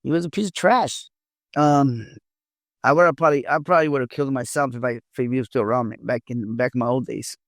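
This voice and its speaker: A middle-aged man, born in Mexico, telling his family story as an interview guest in a halting way, with many restarts and repeated words. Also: mid-range voice, a bit bright, no room sound. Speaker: interview guest, former police officer.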